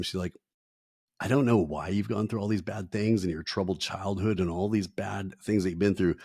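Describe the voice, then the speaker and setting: A man's voice: low voice, darkish tone, husky, dry recording, studio quality. A middle-aged man and retired firefighter, telling his story in a casual, blunt, slangy way and acting out the voices he quotes. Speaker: podcast guest, retired firefighter. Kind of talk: candid storytelling interview.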